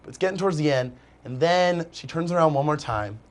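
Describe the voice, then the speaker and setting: A young man telling a long story as a guest in a casual chat, animated and rambling, with "like" in nearly every phrase. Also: a little high, brisk.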